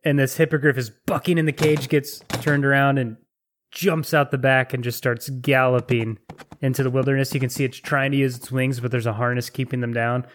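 A man's voice: medium pitch, slight background noise. A man narrating as game master in a tabletop game, laughing often.

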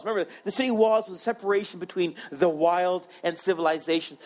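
A man with a high voice preaches a sermon to his congregation. He talks earnestly, stumbling and repeating words, and slips into voiced prayers and pleas. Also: fairly quick, few pauses, low-quality recording. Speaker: pastor.

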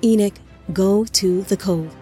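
A woman's voice: medium pitch, slow, dark tone, faint music behind, close to an everyday voice. A woman voicing a young male angelic warrior who whispers urgent pleas.

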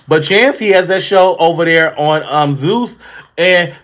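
A man co-hosting a podcast, chatting casually in a sassy, animated way and swearing freely. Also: on the high side, a little slow. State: allergic reaction swelling face. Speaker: podcast co-host. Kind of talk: casual gossip chat.

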